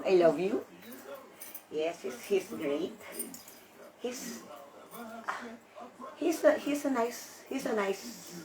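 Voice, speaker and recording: A sleepy woman vlogger chatting casually to her viewers in a low voice, taking her time over every word. She rambles and restarts, breaks into laughs, and coughs now and then as she keeps her volume down. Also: poor audio. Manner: keeping her voice deliberately low. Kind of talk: casual chat to viewers while smoking.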